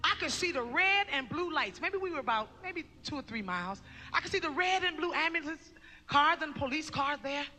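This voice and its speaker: A woman telling her testimony in a sermon, recounting the story with emphasis and breaking into shouted praise. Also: sits high, lively intonation, moderate pace, in a large hall. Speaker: mother giving testimony.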